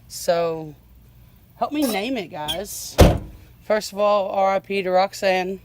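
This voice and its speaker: A woman's voice: medium pitch, slow pace, heavy background noise. A young adult woman vlogging in a casual, profane, slangy way, filmed on a handheld phone outdoors by her car. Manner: laid-back, profane, slangy. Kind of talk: casual vlog chat.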